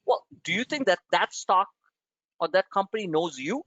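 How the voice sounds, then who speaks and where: A man's voice: high voice, lively intonation, normal speed, sharp tone, no echo, poor audio. A man hosting a trading webinar, blunt and emphatic, firing off rhetorical questions at his listeners.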